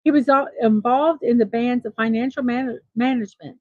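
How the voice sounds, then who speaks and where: Higher-voiced woman reading morning show notes. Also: normal speed, no room sound, muffled recording. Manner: reads from notes with small personal asides. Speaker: host of a daily morning show. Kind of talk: reading daily birthday and trivia notes.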